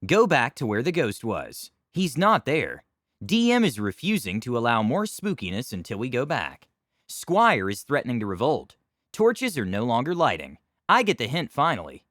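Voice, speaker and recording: A man narrating a tabletop game story with wry, deadpan humor. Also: medium pitch, moderate pace, no room sound, clean studio sound.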